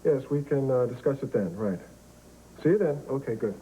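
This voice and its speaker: A man's voice: medium pitch, animated, moderate pace, warm tone, a little hiss or hum, close to an everyday voice, low-quality recording. A man playing a slick, evasive lawyer. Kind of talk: soap opera acting.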